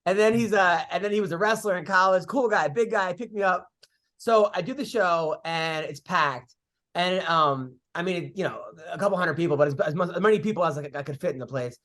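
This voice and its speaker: A middle-aged man hosting a podcast, telling comedy-road stories in casual chat, animated, swearing freely and acting out what people said. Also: high-pitched, a little fast. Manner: animated storyteller, swears freely, acts out quotes.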